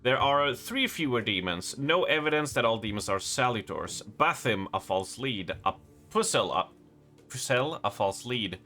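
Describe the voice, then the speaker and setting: A man's voice: medium pitch, animated, normal speed, pushed and bright. A man streaming a game live, chatting with his viewers and reading the game's letters and notes aloud.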